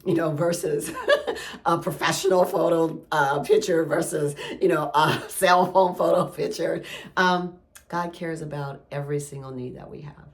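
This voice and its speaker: A woman's voice: low-pitched, fairly even intonation, measured pace. A middle-aged woman giving a casual devotional talk, telling stories in a chatty way and often asking "right?". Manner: chatty storytelling with frequent "right?" and "y'all". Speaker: Christian ministry speaker.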